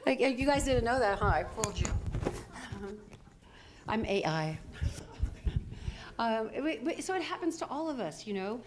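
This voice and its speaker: A woman's voice: fairly high pitch, big pitch swings, a little slow, long pauses, slight background noise. Older woman giving a chatty sermon. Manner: conversational, self-deprecating, with frequent fillers and laughs. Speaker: minister. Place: church sanctuary.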